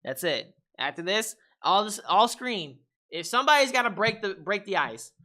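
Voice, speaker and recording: A young man hosting a casual tech podcast, animated and laughing, acting out voices of gadgets. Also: high voice, moderate pace. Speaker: podcast host.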